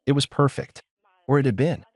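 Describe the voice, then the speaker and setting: A man narrating a first-person story in a steady, measured way. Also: medium pitch, no echo.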